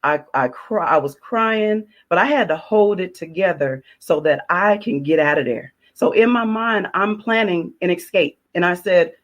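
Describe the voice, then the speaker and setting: A woman's voice: lowish voice, expressive, moderate pace, hardly any pauses, highs cut off. A woman relates a personal testimony with heavy emotion. She repeats phrases for weight and acts out her own pleas and prayers as she goes. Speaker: guest sharing her testimony.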